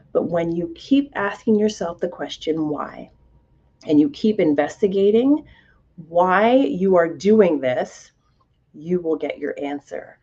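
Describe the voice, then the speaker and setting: A woman hosting a self-help podcast as a life coach, speaking deliberately and emphatically and repeating key phrases. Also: low-pitched, mellow, muffled recording. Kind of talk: motivational self-help talk.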